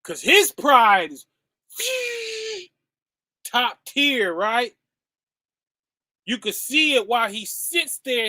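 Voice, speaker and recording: A man with a high, bright voice gives a casual streamed sermon at an unhurried pace, talking straight to his listeners as "y'all". The sound is dry and close, with no room around it. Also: big pitch swings, no echo. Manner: conversational, often ending with "right?" and "okay?"; addresses listeners as "y'all" and "fam". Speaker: streaming preacher.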